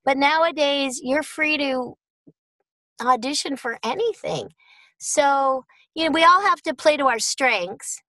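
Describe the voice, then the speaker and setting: Chatty bright-voiced middle-aged woman. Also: sits high, animated, unhurried, no echo, low-quality recording. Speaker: voice actress. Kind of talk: casual chat.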